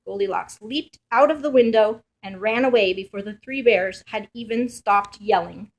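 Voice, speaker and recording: A woman reading a children's picture book aloud as a storyteller. Her telling is expressive and playful, suited to young listeners. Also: mid-range voice, moderate pace.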